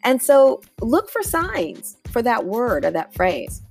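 A woman's voice: on the high side, very animated, slow pace, creaky, darkish tone, soft background music. A woman hosting a podcast, giving an emphatic motivational monologue and calling her listeners y'all. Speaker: podcast host.

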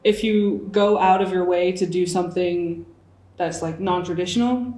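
A woman's voice: on the low side, steady tone, normal speed, mellow, reverberant. A woman in her early twenties, a guest in a casual chat, talking freely and acting out the voices she quotes. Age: 20s. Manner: chatty, acts out quoted voices.

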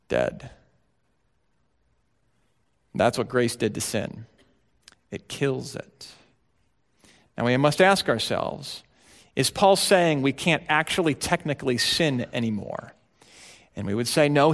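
A man preaching a sermon as pastor, emphatic, swinging between quiet, low passages and loud, urgent ones.

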